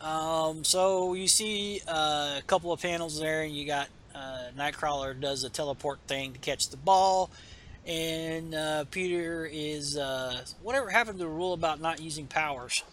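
A man's voice: fairly high pitch, normal speed, fairly bright tone, slight background noise. A man casually recapping a comic issue, reading the dialogue aloud with lots of fillers. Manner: rambling, reads dialogue in a plain voice with fillers. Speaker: comic book podcast host.

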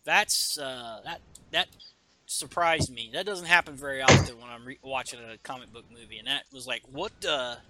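A man casually recapping a comic book on a podcast, animated and jumping into character lines. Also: mid-range voice, moderate pace, heavy background noise. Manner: animated, acts out character lines in raised voices. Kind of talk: casual chat.

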